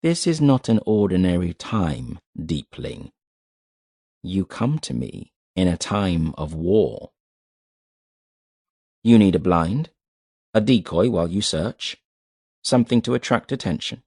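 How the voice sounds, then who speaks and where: A man reading as a cold, deliberate warrior. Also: low-pitched, darkish tone, breathy edge, dry recording, studio quality, exaggerated voice. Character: cold, measured man of war bargaining. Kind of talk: audiobook character reading.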